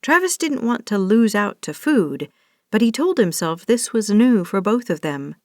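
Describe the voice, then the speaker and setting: A woman narrates a romance novel in an even storytelling voice. Her pitch sits in the middle range. The sound is close and dry, without any room echo. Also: measured pace. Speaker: audiobook narrator. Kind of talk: scripted narration.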